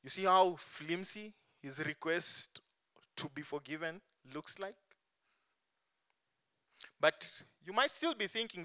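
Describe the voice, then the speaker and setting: A man preaching a sermon, stressing points strongly and letting phrase endings fall soft and low. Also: takes it slowly, pauses often, smooth. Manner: emphatic, swings between strong stresses and soft dropped endings.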